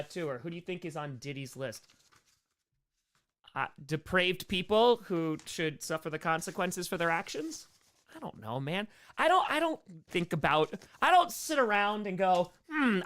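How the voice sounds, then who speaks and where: Animated New York man hosting a stream. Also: fairly high pitch. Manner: excitable, hype shouts, repeats thanks over and over. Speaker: sports comedian hosting a live stream Q&A. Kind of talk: casual live stream chat, reading fan mail and viewer questions.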